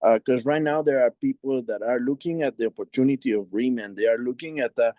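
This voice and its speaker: A man from Mexico speaking English with a Mexican Spanish accent as a guest on a video call. He is a native Spanish speaker and talks haltingly, repeating words. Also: mid-range voice, no echo. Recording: dry, dull video call audio.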